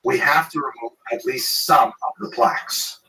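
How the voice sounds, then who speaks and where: A man's voice: mid-range voice, normal speed, bright, forceful tone, far from the mic, lightly acted, low-quality recording. A man voicing an Israeli fighter pilot who apologetically addresses a crowd of ladies. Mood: apologetic.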